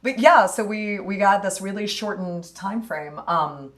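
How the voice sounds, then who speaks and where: A woman's voice: mid-range voice, measured pace. A woman who is a stage actress and theater director, speaking in a casual interview with a thoughtful, hesitant manner and many fillers.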